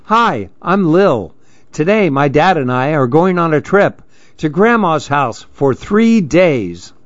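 A man's voice: a little high, very animated, takes it slowly, no echo, muffled recording, voice pushed up. A man voicing a nervous little girl who chatters about her worries. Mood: worried. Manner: fretful, chattering.

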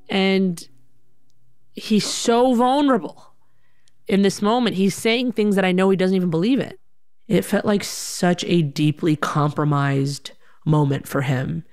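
A woman telling a personal story in an animated, conversational way, with many casual fillers. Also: deep voice, no echo. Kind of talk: personal story told to an audience.

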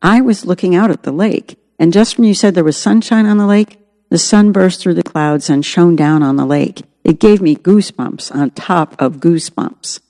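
A woman voicing a grieving mother who quietly recalls her late daughter, read in an audiobook. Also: on the low side, moderate pace, long reverb tail, close to an everyday voice. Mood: wistful.

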